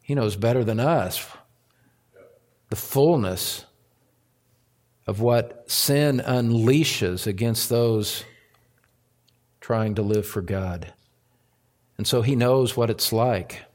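A man preaching a sermon in a church, earnest, repeating phrases and swelling louder on key words. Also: mid-range voice, slow pace, long pauses. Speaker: pastor.

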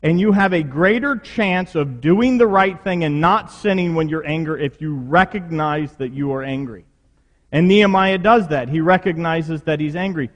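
A man's voice: on the high side, moderate pace. A man preaching a sermon, talking conversationally with rhetorical questions to his congregation in a church. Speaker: pastor. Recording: long reverb of a hall.

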